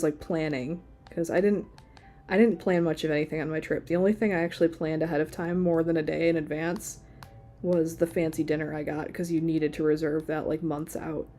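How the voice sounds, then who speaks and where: A woman's voice: low voice, fairly even intonation, moderate pace, dark tone, faint music behind. A woman in her thirties, chatting casually while she draws during a live stream. She rambles and uses a lot of filler words. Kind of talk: casual chat while drawing.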